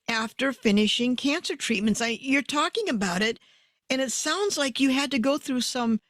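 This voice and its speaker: A woman's voice: on the high side, no echo. A woman hosting an interview, asking curious, probing questions and shifting her pace as she talks. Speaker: interviewer host. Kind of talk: interview conversation.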